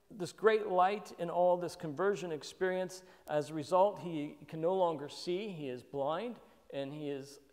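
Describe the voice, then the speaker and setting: A man's voice: a little high, a little mellow, in a large hall. A man leading a church Bible study, speaking in a thoughtful way with frequent fillers and restarts.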